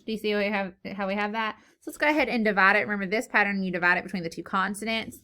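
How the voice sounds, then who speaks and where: A female teacher runs a phonics lesson for little kids, speaking slowly and encouragingly as she sounds out words syllable by syllable. Her voice sits in the mid-range, with a sharp, clean tone. The audio comes from a recorded lesson video.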